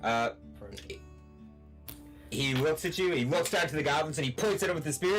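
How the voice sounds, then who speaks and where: A man's voice: a little high, a little fast, pauses often, fairly bright tone, soft background music. Rambling male game master. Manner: loose, rambling narration with many fillers. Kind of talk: narrating a tabletop game.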